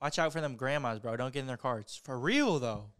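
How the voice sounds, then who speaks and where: A young man co-hosting a casual podcast, excitable and slangy, saying bro a lot. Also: medium pitch, fairly quick, clear, resonant tone. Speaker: podcast co-host.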